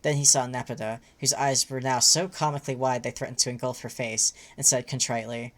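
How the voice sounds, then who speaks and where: A woman's voice: very deep voice, brisk. A woman reading a fanfic aloud as livestream co-host, then chatting with many fillers. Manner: lively narration, rambling with many fillers when chatting. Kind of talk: reading fiction aloud, casual chat.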